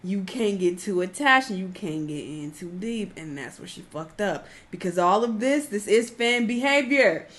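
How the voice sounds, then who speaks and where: A woman's voice: mid-range voice, animated, normal speed, hardly any pauses, a bit bright. A woman giving casual reaction commentary in a blunt, profane, scolding way. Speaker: reaction channel host.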